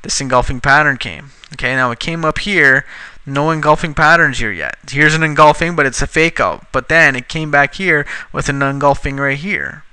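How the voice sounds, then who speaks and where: A man teaching a trading strategy over a screen recording, casual and increasingly frustrated, swearing at his slow computer. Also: a little high, sharp tone, clear, resonant tone, no echo. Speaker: trading instructor.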